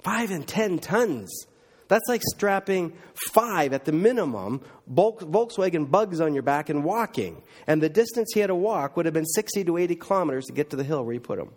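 A man preaching a sermon, telling stories with big swings between loud emphatic lines and quiet low asides. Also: lively intonation, fairly quick, hardly any pauses.

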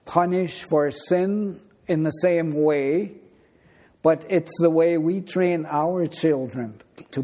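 A man preaching a sermon in a deliberate, unhurried storytelling manner. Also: on the high side, dark tone.

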